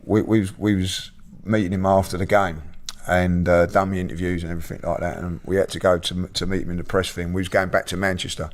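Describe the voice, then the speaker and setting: Low-voiced man telling a rambling story. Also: fast talker. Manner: animated storyteller with many fillers and repeats. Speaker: podcast host. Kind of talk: casual chat, storytelling.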